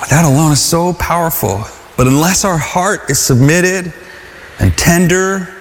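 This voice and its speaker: A man preaches in an easy, conversational way, circling back and restarting his sentences as he goes. His voice sits a little high for a man. The sound rings out with a long hall echo. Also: a little hiss or hum. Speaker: pastor. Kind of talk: sermon.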